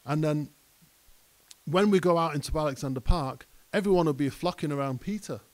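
A man's voice: fairly high pitch, fairly quick. A male pastor preaching a conversational sermon that rises to emphatic peaks. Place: church hall.

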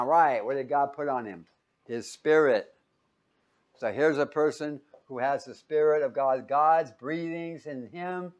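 A man's voice: medium pitch, measured pace. A man teaching a Bible lesson as a sermon, joking and quizzing his listeners. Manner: jokey, asks the audience questions; lively, swings between loud and quiet.

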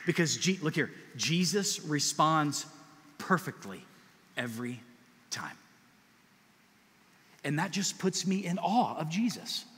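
Animated high-voiced preacher man. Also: slow pace, pauses often, long reverb tail, slight background noise. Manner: animated, conversational preaching with asides to the congregation. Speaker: pastor. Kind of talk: sermon.

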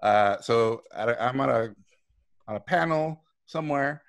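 Speaking a little slowly in a gravelly, mid-range voice, this middle-aged guest on a live video talk spins casual stories. He acts out the voices of people he quotes and swears without holding back.

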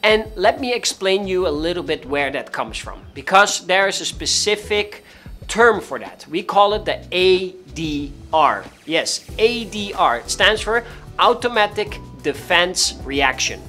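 A man's voice: sits high, unhurried, faint music behind. Emphatic man coaching on sales calls. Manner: animated and emphatic, repeats key points; acts out callers' voices. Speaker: real estate sales coach. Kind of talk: instructional talk to camera.

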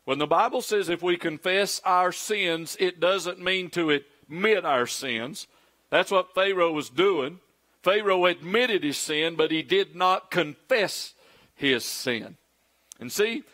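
A man's voice: high voice, lively intonation, measured pace, a bit bright. A middle-aged man preaching a sermon as pastor, acting out quoted pleas in a raised, pleading voice.

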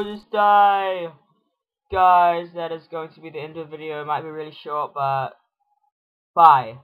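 A young man with a cough and cold, reacting excitedly as he plays a game and talks to viewers. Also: on the high side. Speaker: gamer. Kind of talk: casual gameplay commentary. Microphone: built-in computer microphone. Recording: noisy built-in computer mic. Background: loud rain.

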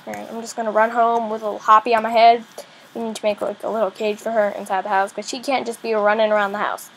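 A female gaming YouTuber chatting excitedly as she plays, often squealing and shouting at the game. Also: medium pitch, fast, creaky, slight background noise, poor audio. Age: young girl per page; adult voice unsure. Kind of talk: game commentary.

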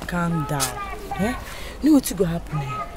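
A woman's voice: fairly low pitch, very animated, moderate pace, background noise. A young actress playing a reassuring schoolgirl friend who speaks Nigerian Pidgin. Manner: reassuring, casual. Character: reassuring teenage girl friend, easygoing.

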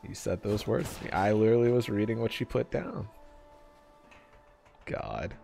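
A man streaming a game live, bantering with his chat, laughing often and getting loud and defensive when teased. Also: lowish voice, lively intonation, normal speed, vocal fry, soft background music.

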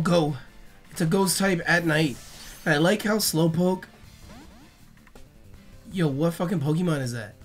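Excitable young man, profane game commentary. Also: fairly high pitch. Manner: excitable, profane, talks back to the game's creatures. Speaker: let's play host. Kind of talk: casual gameplay commentary.

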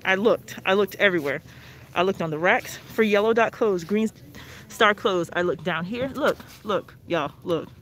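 A woman's voice: medium pitch, moderate pace, fairly bright tone. Chatty woman vlogging live in a store. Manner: chatty, addresses viewers as y'all. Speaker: couponing vlogger. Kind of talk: live shopping vlog. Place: inside a discount store. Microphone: phone held while walking. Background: faint store noise.

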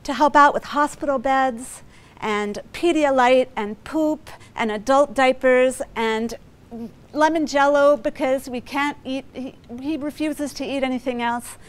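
A woman's voice: sits high, unhurried, smooth. A middle-aged woman telling a personal story live, emotional and vivid, acting out sounds and quotes.

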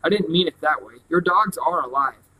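A man reading a remorseful, excited adult hunter's lines in an earnest, slightly breathless way. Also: fairly high pitch, brisk, heavily acted, poor audio. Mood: urgent.

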